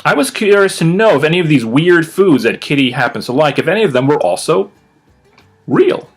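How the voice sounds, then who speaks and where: A man, a children's author, reading his own picture book aloud to young listeners, stretching words for emphasis and stopping to explain words in a chatty way. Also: faint music behind. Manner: animated storyteller with big pitch swings and drawn-out emphasis.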